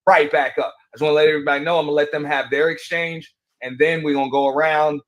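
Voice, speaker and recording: A man's voice: fairly high pitch, fairly even intonation, fast talker, fairly bright tone. A man moderating a live panel, laid-back and managing who speaks when.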